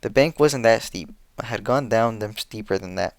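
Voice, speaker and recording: Smooth low-voiced audiobook narrator. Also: male voice, normal speed, no room sound. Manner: plain, steady storytelling in the first person. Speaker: audiobook reader.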